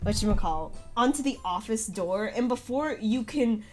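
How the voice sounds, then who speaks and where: A woman's voice: a little high, lively intonation, moderate pace, a little mellow, faint music behind. A woman narrating as game master of a tabletop game, rambling with many fillers and laughing often.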